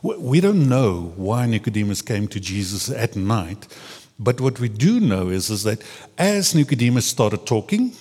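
Husky preacher, lively pitch. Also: male voice. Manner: conversational, searching, repeats words as he restarts. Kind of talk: sermon. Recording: long reverb of a large hall.

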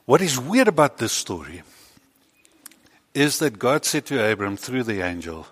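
A man preaching a lively story sermon in a church with a child volunteer, playful and animated, with sudden loud bursts. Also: medium pitch, normal speed, husky, big-room sound. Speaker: pastor.

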